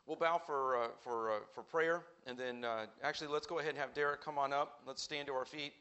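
A man's voice: mid-range voice, fairly even intonation, fairly quick, pushed and bright, smooth, dull audio. A man preaching an earnest sermon in a church, asking rhetorical questions and acting out quoted voices. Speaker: pastor.

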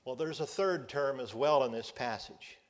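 A male pastor preaching a sermon, measured and emphatic, drawing out his key words. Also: medium pitch.

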